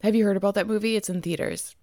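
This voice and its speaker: A woman's voice: medium pitch, steady tone, fast talker, darkish tone, no room sound, studio quality. A woman co-hosting a podcast in casual, rambling chat, giggling and swearing freely, in her just-woken morning voice. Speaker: podcast co-host.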